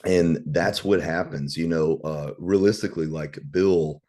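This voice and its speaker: A man's voice: rumbling low, steady tone, unhurried, dark tone. A man, casually teaching a Bible study and telling rambling, candid stories with some swearing. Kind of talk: casual preaching and storytelling.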